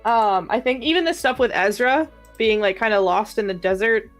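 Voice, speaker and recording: A woman's voice: a little high, moderate pace, faint music behind. A woman co-hosting a casual podcast discussion, talking enthusiastically with lots of fillers. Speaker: podcast co-host.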